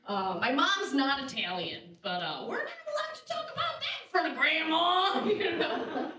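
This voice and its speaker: A young woman performing a lively stand-up comedy set in a theater, laughing at her own jokes and shouting the punchlines. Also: sits high, measured pace, crowd noise. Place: live theater stage. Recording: roomy theater sound, distant mic.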